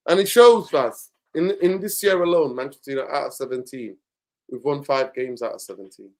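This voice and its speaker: A man in casual football chat, blunt and animated, bursting into loud exclamations. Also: mid-range voice, normal speed. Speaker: football podcast host.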